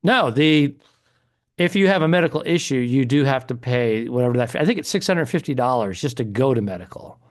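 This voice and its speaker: A man's voice: mid-range voice, expressive, a little fast. A man with a New England accent, co-hosting a comedy podcast in casual chat and acting out quoted people in little voices. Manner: talks in bursts, restarts mid-sentence. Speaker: podcast co-host.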